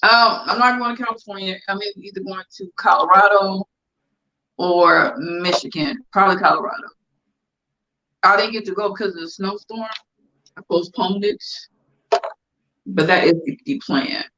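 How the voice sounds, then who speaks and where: A man's voice: sits high, normal speed, pauses often, bright, forceful tone. A man co-hosting a casual chat show, easygoing and given to stammering restarts. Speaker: podcast co-host. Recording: dull lo-fi sound.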